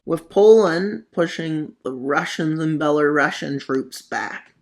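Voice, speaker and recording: Narrating a mapping video at a slow pace in a medium-pitched voice, the speaker offers casual commentary on a war scenario, full of sarcastic, rambling asides.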